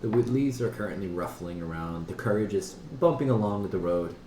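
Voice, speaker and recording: Very low-voiced man, echoey and distant. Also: expressive, brisk, mellow, a little hiss or hum. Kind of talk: tabletop roleplay and narration.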